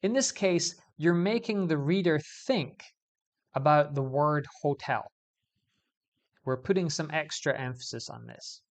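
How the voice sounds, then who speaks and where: A man teaching English grammar in a video lesson, explaining clearly and stressing key words as he goes. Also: a little high, unhurried.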